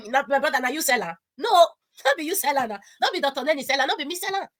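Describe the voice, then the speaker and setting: This is a Nigerian woman speaking as a guest on an online discussion. Her voice sits high and sounds bright and sharp. She talks excitedly, mixes in pidgin and laughs often. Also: fast talker. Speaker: guest commentator.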